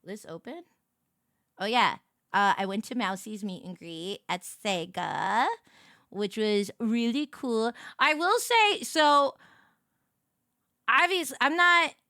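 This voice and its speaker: A young woman streaming as a VTuber, telling a story in casual chat and greeting her viewers with big, bright jumps in her voice. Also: on the high side, expressive, takes it slowly, long pauses, no echo, clean studio sound.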